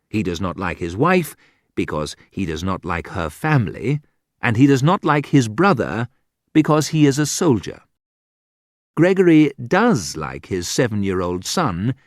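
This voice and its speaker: A man reading a humorous book aloud as an audiobook narrator, in deliberate scripted narration. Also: lowish voice, no room sound, clean studio sound.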